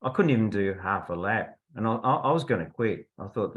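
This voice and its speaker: A man's voice: lowish voice, fairly quick, few pauses, highs cut off. A man, a veteran football umpire, telling anecdotes casually on a video call. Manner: chatty anecdotal storyteller, laughs at his own stories.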